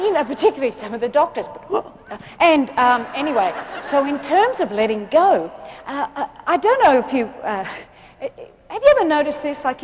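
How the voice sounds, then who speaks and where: A woman giving a humorous motivational keynote to a live audience, chatty and animated, laughing often and asking the crowd questions. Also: high-pitched, long reverb tail, a little hiss or hum, rough recording. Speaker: motivational speaker. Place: live event before an audience.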